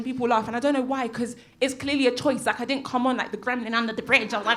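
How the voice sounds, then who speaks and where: A woman's voice: a little high, fast talker, hardly any pauses, background noise. A young woman telling a rambling, giggly stand-up story on a comedy club stage. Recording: crowd laughter from a live audience. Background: audience laughing.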